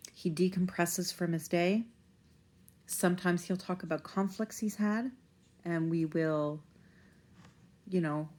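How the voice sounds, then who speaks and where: A woman talking casually to the camera as a parent vlogger, rambling a little and using plenty of fillers. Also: on the low side. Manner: conversational, rambling, with fillers and restarts.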